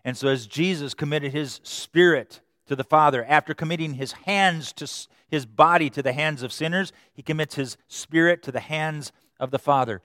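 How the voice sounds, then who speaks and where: A man preaching a sermon with lively swings between loud emphasis and quiet tenderness. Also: on the high side, normal speed, hardly any pauses, no echo, studio quality. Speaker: pastor.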